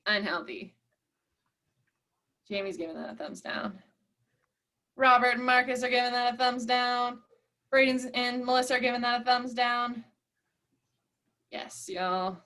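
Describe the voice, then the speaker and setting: A woman's voice: fairly high pitch, fairly even intonation, a little slow, pauses often, sharp tone. A woman leading an online workshop, encouraging and reading out participants' chat replies. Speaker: workshop presenter.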